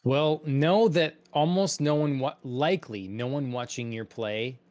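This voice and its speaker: Relaxed man hosting a stream, dry sound. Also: medium pitch, unhurried, dry recording. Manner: relaxed, hesitant, many fillers. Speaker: stream host. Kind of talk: casual chat on a stream.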